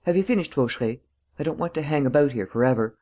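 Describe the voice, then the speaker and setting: A woman voicing a sharp-tongued, commanding gentleman thief. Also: extremely low pitch, lively intonation. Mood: brisk scolding. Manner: brisk, scolding, peremptory.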